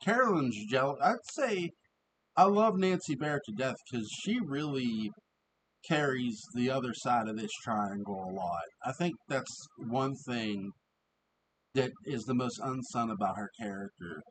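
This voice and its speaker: A man's voice: medium pitch, expressive, measured pace, slight background noise, poor audio. Rambling man reviewing an old TV episode. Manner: rambling, many restarts and fillers, laughs often. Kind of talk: casual review monologue.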